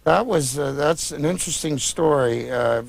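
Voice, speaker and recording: A man in his sixties, an author, answering interview questions in a reflective, meandering way with frequent pauses and restarts. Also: on the high side, gravelly. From United States. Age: 60s. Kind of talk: conversational interview.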